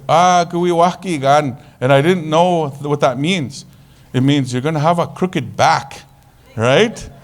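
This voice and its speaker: Joking, casual man giving a talk. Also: on the high side. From Canada. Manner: casual, joking, animated storytelling. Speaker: conference presenter. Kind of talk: conference talk.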